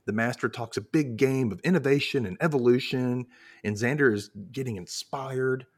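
A man's voice: mid-range voice, normal speed. A man hosting a casual TV recap podcast, joking and acting out characters' lines. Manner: animated, jokey, acts out characters' lines. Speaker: podcast host.

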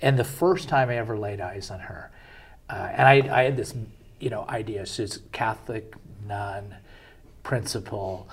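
A man's voice: fairly low pitch, unhurried, husky. A man hosting an interview and telling stories in a rambling, conversational way. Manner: conversational storyteller, rambling with fillers. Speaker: interview host and parent.

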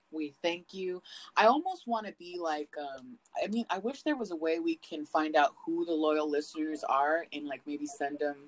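A woman co-hosting a podcast, telling stories in casual chat, swearing a lot and swinging her pitch up and down. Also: low-quality recording. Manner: profane, animated storytelling with big swings in pitch. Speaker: podcast co-host.

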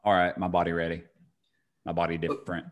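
A man's voice: low voice, completely flat delivery, quick pace, lo-fi sound. A young man co-hosting a casual podcast, dry and wisecracking. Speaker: podcast co-host.

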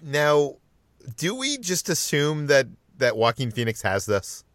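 A man moderating a film podcast, brisk as he runs through lists and hands off questions. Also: a little high, big pitch swings, a bit bright, no room sound. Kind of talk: casual chat.

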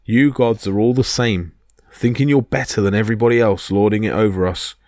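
A man's voice: fairly low pitch, steady tone, brisk, a little mellow, dry recording, studio quality, natural voice. A man voicing a hulking male giant who hates gods, bellowing and mocking. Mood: furious.

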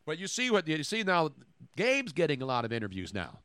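A man hosting sports talk radio, riffing in sarcastic, rapid jokes into a studio mic. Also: a little high, wildly swooping pitch, a bit bright, clean tone, no room sound. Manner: sarcastic, rapid joking riffs.

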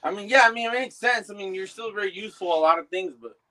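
A man in casual chat as an interviewer, rambling, profane and animated. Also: high-pitched, quick pace, low-quality recording.

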